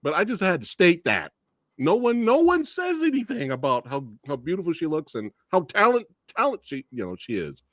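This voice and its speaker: An excitable man hosts a casual movie discussion, laughing as he goes. His pitch swings a lot. The sound is close and dry, with no room in it. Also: moderate pace, no echo. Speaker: podcast host.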